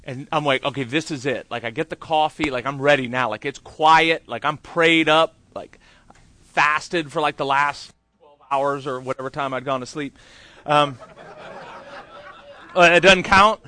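A man's voice: on the high side, a little slow, sharp tone, no echo. A man preaching a conversational sermon, telling a candid, self-deprecating story with chatty asides. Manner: chatty with many fillers and asides. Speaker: pastor.

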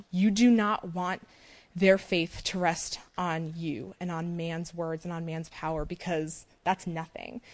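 Excited young woman sharing her testimony. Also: fairly low pitch. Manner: excited, fast-talking, laughs often, fills with "like" and "um". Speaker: short-term mission trip speaker. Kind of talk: personal faith testimony.

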